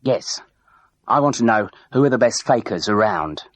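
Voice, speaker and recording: A man voicing a composed older widowed woman who speaks in a measured, polite and quietly firm way. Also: on the low side, lively intonation, voice pushed up, close to an everyday voice.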